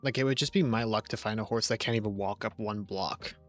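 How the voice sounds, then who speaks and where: A man's voice: lowish voice, a little fast, soft background music. A young man rambling through casual, jokey gameplay commentary on a live stream, chatting to his viewers from home on a desk mic.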